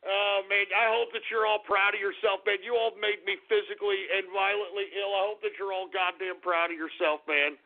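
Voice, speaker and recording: A man's voice: sits high, fairly even intonation, a little fast, hardly any pauses. A man hosting a talk radio show, moaning and complaining that he feels sick and weak. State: nauseated and weak. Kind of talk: live talk radio rant. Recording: tinny phone-like radio recording.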